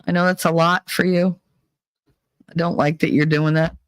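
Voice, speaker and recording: A man's voice: a little high, level tone, moderate pace, clean tone, no echo, poor audio. A middle-aged man from New Jersey with a New Jersey accent, hosting a live stream in rambling, profane casual chat, laughing often. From New Jersey, USA.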